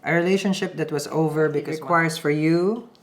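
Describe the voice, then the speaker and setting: A woman's voice: low voice, fairly even intonation, a little fast, roomy sound. A woman doing a casual tarot reading, chatty and laughing often, checking in with her listeners as she goes. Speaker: tarot reader.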